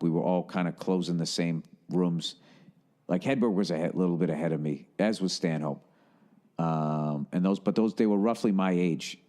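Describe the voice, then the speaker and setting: A man's voice: on the low side, darkish tone. A man in his forties with a Boston accent, hosting a podcast and telling a long, profane, rambling story in a blunt, casual way. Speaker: podcast host.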